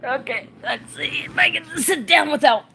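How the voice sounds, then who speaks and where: A woman with a high, creaky, bright voice speaks forcefully and with animation at a moderate pace, with a little hiss or hum in the audio. She is livestreaming casually from indoors at home on a handheld phone, muttering to herself as she searches a map.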